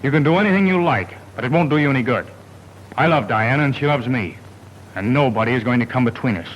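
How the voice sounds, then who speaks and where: An actor playing an earnest young fiancé on a 1930s soundtrack. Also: male voice, medium pitch, expressive, fast, slight background noise, close to an everyday voice. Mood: defiant. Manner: pleading, then stubborn. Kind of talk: 1930s film acting. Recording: dull 1930s film soundtrack.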